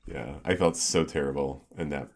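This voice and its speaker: Man, low voice, middle-aged, podcast co-host, casual rambling chat. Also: moderate pace. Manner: rambling storyteller, many fillers and restarts.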